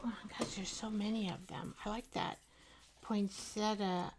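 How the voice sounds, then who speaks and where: A woman's voice: mid-range voice, steady tone, normal speed, noisy background. A woman hosting a live art show, chatting casually and rambling with viewers while she paints, often breaking into laughter. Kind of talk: casual live craft demo chat.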